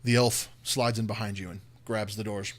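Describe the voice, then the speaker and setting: A man's voice: on the low side, little pitch movement, normal speed. Man narrating as dungeon master. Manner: vivid descriptive narration with frequent fillers. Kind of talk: narrating a tabletop game.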